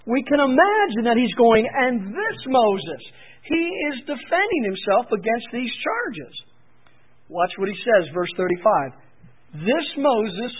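High-voiced preacher on tinny radio. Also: male voice, breathy edge. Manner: rises to emphatic, dramatic readings of scripture. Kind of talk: expository sermon. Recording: tinny phone-like radio broadcast.

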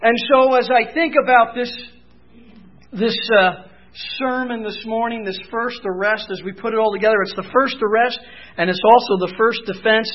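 A man preaching a sermon in a very high voice, pushing hard to shouted, emphatic peaks and then falling back to near-quiet asides. The recording is muffled and lo-fi. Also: fairly even intonation, moderate pace. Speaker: pastor.

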